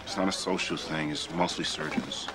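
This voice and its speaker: A man's voice: very deep voice, normal speed, very noisy. An actor playing a stern, proud male surgical resident who talks in clipped, curt replies. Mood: awkward. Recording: TV drama clip with hospital bustle.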